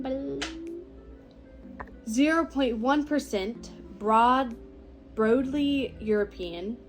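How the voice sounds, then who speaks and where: A teenage girl talking casually to the camera, slow and reflective, her phrases often trailing off softly. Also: on the high side, low-quality recording. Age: teens. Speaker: vlogger. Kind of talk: casual personal talk to camera.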